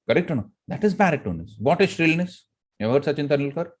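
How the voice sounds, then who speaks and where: Animated male speaking teacher. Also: on the high side, racing. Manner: animated, asks the class questions. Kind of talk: classroom lesson on voice modulation.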